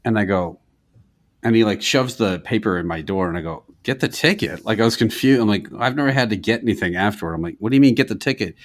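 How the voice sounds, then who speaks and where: A man co-hosting a podcast, telling a story in casual chat, swearing and acting out quotes loudly. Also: fairly low pitch, expressive, fast talker. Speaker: podcast co-host.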